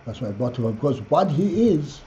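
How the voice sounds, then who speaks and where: A man teaching a Torah class as rabbi, reading phrases slowly and explaining them. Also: medium pitch, very animated, mellow, a little hiss or hum. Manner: reads Hebrew phrases slowly, then explains in English. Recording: dull lo-fi class recording.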